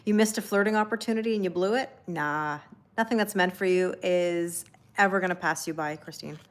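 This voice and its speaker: A woman's voice: lowish voice, moderate pace, long pauses. Chatty woman giving a live tarot reading. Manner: chatty and reassuring, laughs often, reads out viewer comments. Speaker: tarot reader hosting a livestream.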